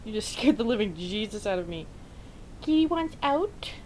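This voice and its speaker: A woman's voice: mid-range voice, sing-song, normal speed, darkish tone, slight background noise, rough recording. A woman giving a rambling, giggly tour of her bedroom in a casual vlog, swearing offhand. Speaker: vlogger.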